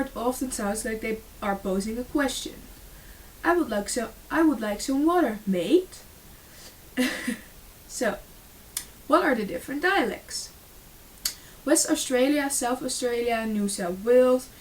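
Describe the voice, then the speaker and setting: A woman reading a school presentation aloud, with frequent fillers and small restarts. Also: on the high side. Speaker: student presenter. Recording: distant mic with faint hiss.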